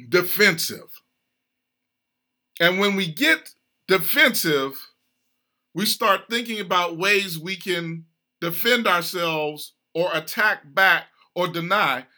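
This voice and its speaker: A man's voice: high-pitched, pushed and bright. A man hosting a podcast, talking earnestly and with animation about conflict in marriage. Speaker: podcast host. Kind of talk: casual chat about marriage.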